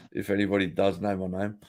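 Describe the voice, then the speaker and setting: A middle-aged Australian man with a low, sharp-toned voice hosts a casual stream from his home office. He's foul-mouthed and jokey, laughing often while responding to chat.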